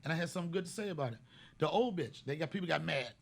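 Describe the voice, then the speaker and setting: A man hosting a comedy podcast, telling stories in a casual, profane way and bursting into loud shouted bits. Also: on the high side, lively intonation, racing, gravelly.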